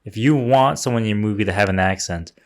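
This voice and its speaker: A man's voice: fairly low pitch, fast talker. Opinionated man co-hosting a podcast. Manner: opinionated, ranting. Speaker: podcast co-host. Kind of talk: casual chat.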